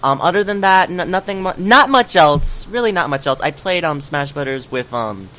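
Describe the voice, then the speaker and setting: A man's voice: fairly high pitch, lively intonation, moderate pace, bright, forceful tone. A man co-hosting a casual gaming podcast, chatty and rambling, with lots of fillers and restarts. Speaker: podcast co-host.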